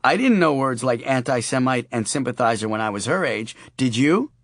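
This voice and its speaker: A man's voice: mid-range voice, lively intonation, moderate pace, fairly bright tone, no echo, natural voice. A male narrator voicing a worried young father with wry, earnest humor, recorded dry and close.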